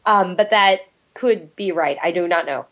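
A woman's voice: lowish voice, a little slow, fairly bright tone. A woman co-hosting a casual chat, rambling and hedging with lots of "I don't know"s. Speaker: podcast co-host. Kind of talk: casual chat reviewing TV episodes. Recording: dull lo-fi podcast recording.

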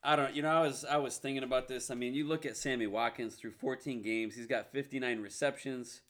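A man's voice: medium pitch, fairly even intonation, fairly quick, fairly bright tone. A man co-hosting a casual sports talk show, earnest and stat-driven, building to passionate outbursts.

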